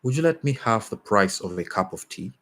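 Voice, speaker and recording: A man's voice: on the low side, animated, brisk, a bit bright. A man voicing a poor, shivering young woman in a story reading, with a hesitant, stammering way of speaking. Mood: timid. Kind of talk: reading a short story aloud.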